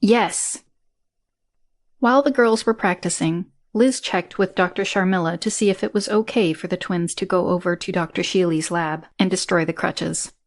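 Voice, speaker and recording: Brief: female audiobook narrator, low voice, measured steady read.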